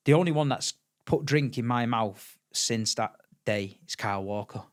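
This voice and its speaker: A man's voice: mid-range voice, normal speed. A middle-aged man from England, a podcast guest chatting casually and acting out the voices in his stories. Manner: animated storyteller, acts out quotes, repeats words. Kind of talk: casual chat.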